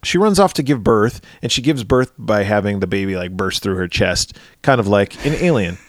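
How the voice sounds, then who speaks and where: Lively, animated man co-hosting a podcast. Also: fairly low pitch, moderate pace, no echo, clean studio sound. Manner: animated storytelling, acts out quotes. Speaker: podcast co-host. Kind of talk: casual chat.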